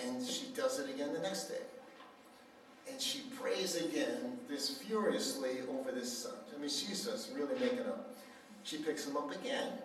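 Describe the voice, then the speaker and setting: A man gives a sermon at a healing center, animated and storytelling, slipping into the voices of the people in his story. His voice sits a bit high for a man. The mic is far off in a very echoey hall with a faint hiss underneath. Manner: animated storyteller, acts out quoted dialogue. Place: church hall.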